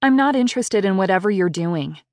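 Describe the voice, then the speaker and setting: A woman's voice: mid-range voice, moderate pace, darkish tone, breathy edge, no room sound, pitched above the performer's own voice, lightly acted. A woman voicing a frightened, defiant teenage girl held captive, snarky at first, then screaming in panic.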